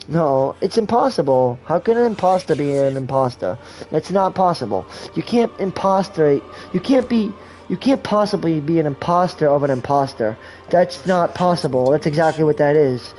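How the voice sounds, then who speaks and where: A man's voice: on the high side, big pitch swings, moderate pace, dark tone. A man giving casual, rambling game commentary on a livestream, full of crude jokes.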